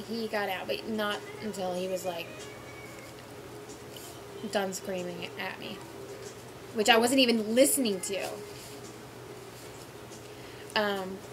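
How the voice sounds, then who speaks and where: A woman's voice: mid-range voice, measured pace, pauses often, a little hiss or hum, poor audio. A young woman who works as a server, casually telling a story about a rude customer with lots of fillers. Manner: animated, mimics people in loud quoted voices, many fillers.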